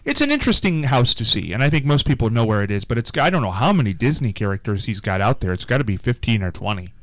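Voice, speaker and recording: A man's voice: medium pitch, big pitch swings, fast, no room sound. A man hosting a local radio talk show in a studio, chatting casually and rambling through friendly banter. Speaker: radio host.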